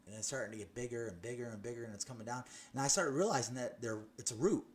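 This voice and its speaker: A man's voice: medium pitch, fast. A young man giving a personal faith testimony, telling his story earnestly with many restarts and "you know"s. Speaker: testimony speaker.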